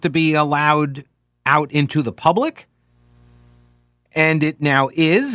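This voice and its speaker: A man's voice: fairly high pitch, takes it slowly, long pauses, pushed and bright, clean tone, no echo. A male talk radio host giving a chatty, sardonic monologue from a radio studio, with lots of fillers. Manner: conversational and sardonic, with frequent fillers.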